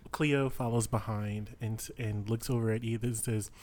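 A man's voice: on the low side, fairly even intonation, normal speed, darkish tone. Playful male tabletop player. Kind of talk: casual tabletop role-play.

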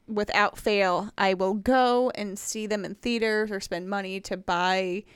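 A woman's voice: mid-range voice, steady tone, unhurried, clean tone, dry recording, clean studio sound. A woman co-hosting a casual chat, enthusiastic and gushing, swearing casually.

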